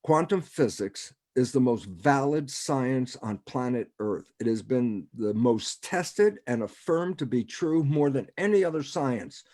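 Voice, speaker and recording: A man's voice: mid-range voice, a little slow, hardly any pauses. Man explaining with rhetorical questions. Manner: rhetorical, keeps asking himself "why is that relevant?"; chuckles often, animated. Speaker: guest speaker. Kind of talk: conversational science explainer. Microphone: video call.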